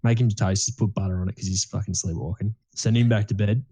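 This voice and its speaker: Young aussie guy on a podcast, mellow warm voice, rambly storytelling, lots of swearing and fillers. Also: fairly low pitch, steady tone, fast talker, slightly rough. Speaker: podcast co-host. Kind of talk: casual chat.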